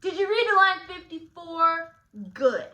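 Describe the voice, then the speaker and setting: A woman's voice: very high-pitched, a little slow, bright, forceful tone, heavily acted. A woman in character as Tybalt, giving a guided study lesson in slangy, sarcastic paraphrase. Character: brash young male swordsman Tybalt, cocky and touchy. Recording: echoey room.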